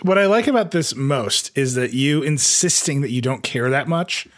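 A man hosting a tech news podcast, talking fast in casual chat, laughing often and restarting his sentences. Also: medium pitch, expressive. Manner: fast, laughing, thinks aloud with many restarts. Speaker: podcast host.

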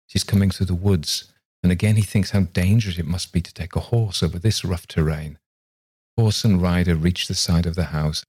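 A man reading a ghost story aloud in a calm, measured way. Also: deep voice. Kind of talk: scripted narration of a ghost story.

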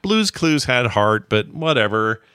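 A man's voice: mid-range voice, unhurried, smooth, no room sound, studio quality. A middle-aged man co-hosting a podcast in casual chat, joking and telling rambling stories. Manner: jokey, rambling, animated storytelling. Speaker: podcast co-host.

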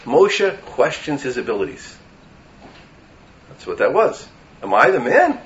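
A man giving a Torah class in an animated way, reading Hebrew verses and explaining them with rhetorical questions. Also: medium pitch, a little slow, a little hiss or hum. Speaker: Torah teacher. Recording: dull lo-fi recording.

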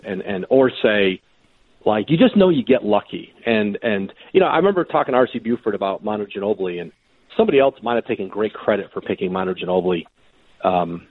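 Male sports reporter guest, husky, storytelling on a tinny phone line. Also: on the low side, no echo. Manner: animated anecdotes with quoted voices and frequent restarts. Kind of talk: conversational storytelling.

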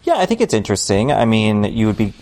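Low-voiced thoughtful man co-host. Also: big pitch swings, fast talker, darkish tone. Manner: thoughtful, hesitant, dry humor. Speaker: podcast co-host. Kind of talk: casual podcast chat.

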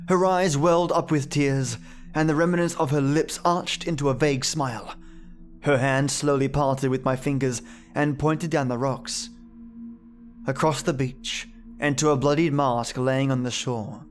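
Slow somber male horror narrator. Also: on the high side. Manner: slow, measured, somber reading. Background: faint music.

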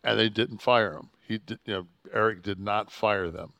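A man's voice: lowish voice, moderate pace, vocal fry, a bit bright, dry recording. A man co-hosting a podcast, telling a story in a profane, heated, rambling way. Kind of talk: casual storytelling chat.

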